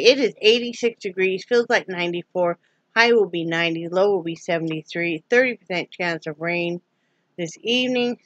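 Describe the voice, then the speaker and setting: A woman's voice: medium pitch, a bit bright, slight background noise. A woman from Wyoming chatting casually in a daily vlog, rambling and folksy. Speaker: vlogger.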